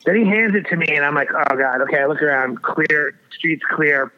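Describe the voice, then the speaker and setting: A man's voice: a little high, a little fast. A man telling a wild story in casual chat, rambling and swearing with lots of restarts. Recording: dull lo-fi audio.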